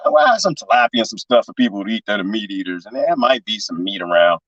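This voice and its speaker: A man's voice: lowish voice, sing-song, fast, fairly bright tone, no echo, far from the mic, highs cut off. A man chatting on a livestream, rambling and conspiratorial, laughing often as he reads viewer comments. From lives in Texas. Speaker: livestream host. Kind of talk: casual livestream chat reading comments.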